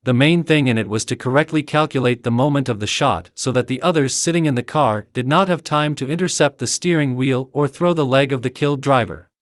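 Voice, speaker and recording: A man narrating an action audiobook in a steady, even reading. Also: medium pitch, brisk, few pauses, no echo, studio quality. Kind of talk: scripted narration.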